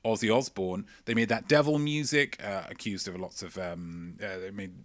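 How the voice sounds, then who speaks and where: Male quiz host, low voice, dry close sound, jokey and chatty. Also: fairly even intonation, normal speed, fairly bright tone, dry recording. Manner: chatty, joking, self-mocking asides. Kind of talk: live-streamed quiz, reading out chat answers.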